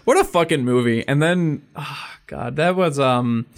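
A young man with a slightly high voice, co-hosting a podcast in loose, casual chat. He swears freely, laughs easily and breaks into quick impressions of movie characters. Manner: swears a lot, laughs, acts out movie lines. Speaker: podcast co-host.

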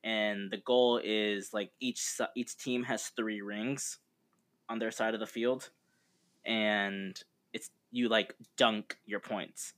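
A man's voice: lowish voice, fairly even intonation, slow pace, a bit bright. A man co-hosting a podcast, chatting casually in a rambling, laid-back way with frequent fillers. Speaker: podcast co-host. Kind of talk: casual chat.

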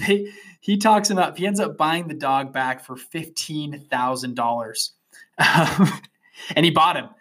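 A man's voice: a little high, a little slow, a bit bright. A man in his twenties, a podcast host, telling a motivational story in a casual, rambling way full of fillers and restarts. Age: 20s.

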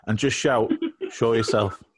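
A man spinning a rambling, cheeky tale on a chatty podcast. His voice sits at an ordinary middle pitch, and he tends to chuckle at his own punchlines. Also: slight background noise. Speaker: podcast co-host. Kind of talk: casual comic storytelling.

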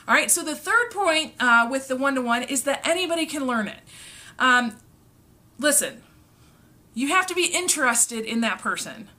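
A woman's voice: high voice, expressive, moderate pace, bright, forceful tone. A middle-aged woman, a communication coach, giving an earnest instructional talk and often checking in with "okay?". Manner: earnest, emphatic, frequent "okay?" check-ins.

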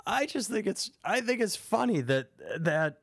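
A man's voice: high voice, sing-song, a little slow, gravelly, husky, no room sound. A man hosting a casual podcast chat, telling a story and thinking aloud as he goes.

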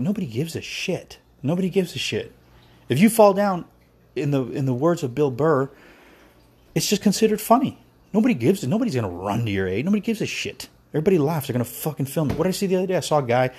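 A man's voice: mid-range voice, darkish tone, husky. A man on a podcast giving a heated, profane monologue, ranting with passion. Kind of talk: impassioned monologue.

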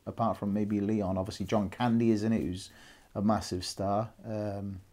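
Welsh man in his thirties, low voice, mellow tone, rambling casual podcast chat. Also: level tone, normal speed. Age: 30s. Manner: chatty, rambling, laughs often. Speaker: podcast co-host.

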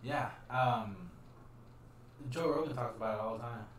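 A man co-hosting a casual podcast chat, chatty and quick to laugh. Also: mid-range voice, a little hiss or hum. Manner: animated, laughs easily, chatty. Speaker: podcast co-host. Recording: echoey room, mic at a distance.

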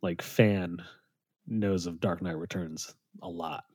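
A man's voice: low-pitched, steady tone, takes it slowly, a little mellow, breathy edge, dry recording, studio quality. A man hosting a casual podcast chat, laughing often between his lines. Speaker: podcast host.

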